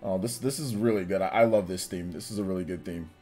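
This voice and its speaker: A man's voice: low voice, quick pace, dark tone. A man hosting a casual livestream, talking straight to his viewers, reading their comments and laughing often. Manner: chatty, laughs often, answers viewers directly. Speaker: livestream host reading chat. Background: faint game music.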